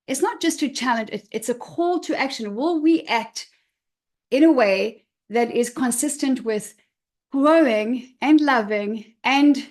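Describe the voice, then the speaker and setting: A middle-aged woman coach giving a motivational talk, expressive and emphatic, repeating her key words. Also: sits high. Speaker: confidence coach.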